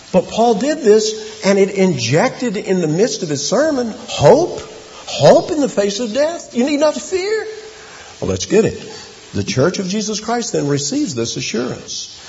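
A man preaching a sermon, telling a Bible story in an animated way with rhetorical questions. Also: high-pitched. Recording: dull lo-fi with long hall reverb and faint hiss.

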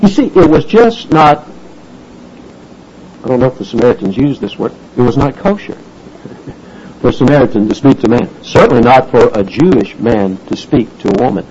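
A man preaching a sermon in a folksy, animated way, acting out the voices of the people he quotes. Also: medium pitch, moderate pace, highs cut off, slight background noise.

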